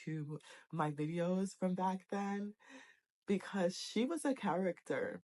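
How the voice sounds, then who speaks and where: A woman's voice: fairly low pitch, takes it slowly, darkish tone. A young adult woman talking to camera in a casual vlog, earnest, emotional and encouraging. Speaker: vlogger. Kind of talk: casual heartfelt vlog talk.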